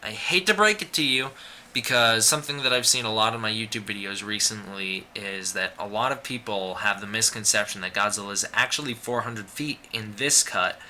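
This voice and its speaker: A man's voice: lowish voice, sharp tone, slight background noise. A young man giving a casual spoken movie review, rambling with frequent restarts and fillers.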